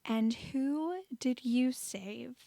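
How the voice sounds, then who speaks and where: A woman reading a young male hero's lines in a low, shaky voice. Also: slow pace, darkish tone, no room sound, studio quality. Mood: shaken. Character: young male hero, tense and shaken.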